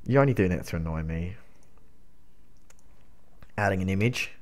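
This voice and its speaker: Young man, rambling giggly gamer chat, lively intonation. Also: low voice, moderate pace. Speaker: gaming livestreamer. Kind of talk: casual chat while playing.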